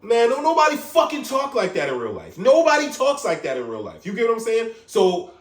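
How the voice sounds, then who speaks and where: Animated New York barber, roomy echo. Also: male voice, sits high, brisk, far from the mic. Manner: animated, swearing, repeats "you get what I'm saying". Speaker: barber vlogger. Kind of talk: casual vlog rant. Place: his room at home. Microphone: phone.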